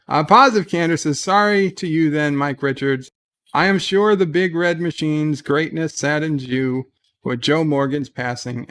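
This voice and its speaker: Chatty man with a higher voice. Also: gravelly, a bit bright. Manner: chatty and rambling, with frequent "uh" and restarts. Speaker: livestream host. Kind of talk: casual livestream chat, reading viewer comments aloud. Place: at home in bed.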